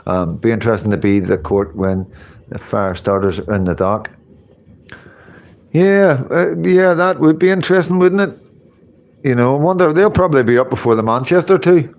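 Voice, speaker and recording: A man's voice: medium pitch, normal speed, a little mellow, highs cut off. A man hosting a casual live stream, reading chat comments and rambling with repeated phrases and casual swearing. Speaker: livestream host reading chat.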